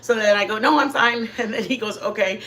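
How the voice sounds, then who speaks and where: A middle-aged woman hosting a casual livestream from her living room, telling rambling, animated stories to her chat. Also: on the high side, brisk. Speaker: channel host.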